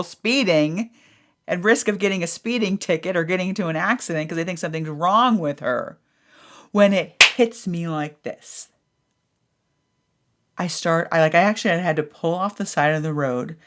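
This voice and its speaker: A woman hosting a podcast, telling a personal story in an animated, casual way that sometimes includes swearing. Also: fairly low pitch. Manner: animated, acts out her own thoughts in a raised voice, swears casually. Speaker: podcast host.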